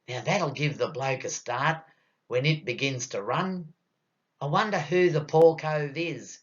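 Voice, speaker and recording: A man's voice: on the high side, animated, fairly bright tone, dull audio. An Australian man reciting a comic rhyming poem in a theatrical, storytelling way. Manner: theatrical, drawn-out storytelling delivery. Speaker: bush poet.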